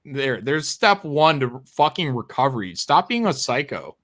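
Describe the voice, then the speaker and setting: A man's voice: mid-range voice, sing-song, measured pace, fairly bright tone. A man co-hosting a casual livestream chat, talking bluntly with lots of swearing and laughter. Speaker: co-host.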